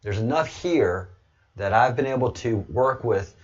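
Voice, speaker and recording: A man talking casually on his livestream, rambling and now and then breaking into loud, excited bursts. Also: medium pitch, measured pace, muffled recording. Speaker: livestreamer, political commentator.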